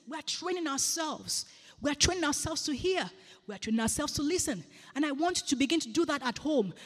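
Husky woman preaching in a reverberant hall. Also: on the high side. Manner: earnest, repeats phrases for emphasis. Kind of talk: sermon. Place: church.

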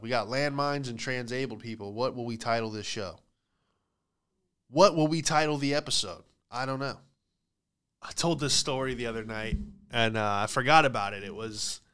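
A man's voice: medium pitch, clean tone. A man in his thirties hosting a comedy podcast, telling casual stories and switching into voices for the people he quotes. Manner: animated storytelling with put-on voices for quoted people.

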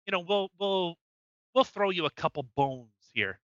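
A man co-hosts a podcast, ranting heatedly and profanely, often stumbling and restarting his sentences. His voice sits high, swings widely and sounds very sharp and bright. The recording is dry and a little dull and lo-fi. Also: expressive, fairly quick, no echo. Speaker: podcast co-host. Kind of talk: casual political rant.

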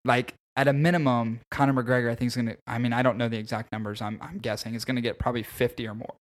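A man's voice: medium pitch, fast. Podcast guy going off about a boxing match, fired up, swears a lot. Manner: animated, opinionated, swears freely. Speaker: podcast co-host. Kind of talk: casual podcast chat.

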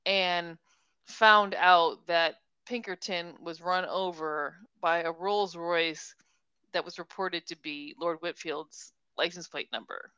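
A woman's voice: fairly low pitch, fairly even intonation, takes it slowly, bright, forceful tone, smooth, dry recording, dull audio. A woman co-hosting a podcast, chatting casually and teasingly as she quotes the characters. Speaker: podcast co-host. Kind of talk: casual chat recapping a mystery novel.

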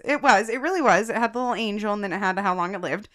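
Racing along with hardly any pauses, a medium-pitched woman co-hosting a podcast relays a personal anecdote in casual talk. She laughs a lot, stays animated, and calls the listeners "guys."

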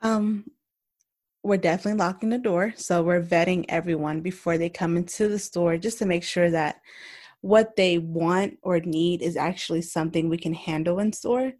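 A woman co-hosting a casual podcast, candid and blunt, telling animated stories from her workday. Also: fairly low pitch, normal speed. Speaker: podcast co-host.

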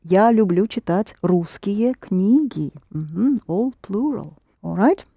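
A woman's voice: mid-range voice, expressive, slow, vocal fry, warm tone, breathy edge, no echo, dull audio. A woman teaching a Russian lesson in English, patiently correcting her students' pronunciation. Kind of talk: language lesson.

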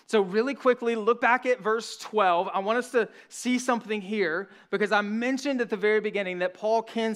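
A man's voice: high-pitched, a bit bright, smooth. A man in his thirties, a pastor, preaching a sermon in an earnest, conversational way with frequent restarts.

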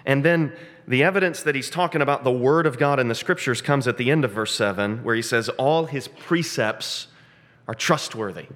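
A man preaching an expository sermon, earnest, asking rhetorical questions and slowing down to stress key phrases. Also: mid-range voice, a bit bright.

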